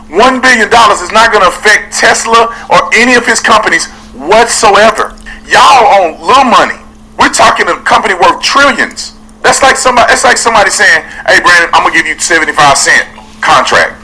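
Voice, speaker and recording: A man's voice: high voice, pushed and bright, slight background noise, rough recording. A man giving blunt, dismissive opinion commentary, heard in a played-back clip.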